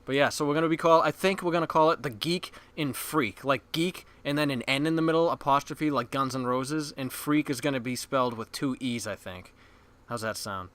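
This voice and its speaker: A man's voice: medium pitch, fairly quick, fairly bright tone. A man from the Boston area with a Boston accent, co-hosting a casual podcast chat, crude and self-mocking, laughing often. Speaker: podcast co-host. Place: basement room.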